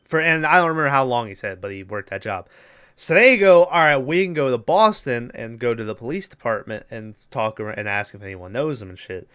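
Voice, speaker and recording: A man is recapping a horror movie on a podcast in a loose, profane way. He acts out the characters' lines as he goes. His voice is bright and crisp, with a clean, resonant tone. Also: medium pitch, animated, brisk. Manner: rambling, swears freely, acts out characters' lines. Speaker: podcast co-host. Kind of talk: casual movie recap chat.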